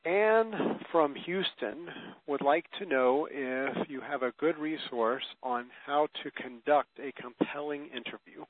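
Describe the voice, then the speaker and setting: A man's voice: a little high, a little slow, few pauses, dry recording. Man hosting over a tinny phone line. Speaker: host. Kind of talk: hosting a call-in session.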